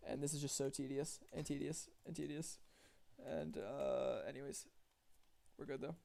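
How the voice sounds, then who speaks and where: With a mellow, medium-pitched voice, steady tone, and some vocal fry, a young man talks at a normal speed to his chat while streaming a strategy game. He thinks out loud as he plays and gets exasperated easily.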